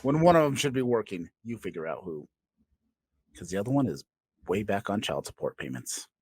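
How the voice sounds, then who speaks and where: A man's voice: fairly low pitch, big pitch swings, fairly quick, a little mellow, slightly rough, no room sound. A man co-hosting a comedy podcast, spinning absurd made-up stories in a playful, joking way. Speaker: podcast co-host.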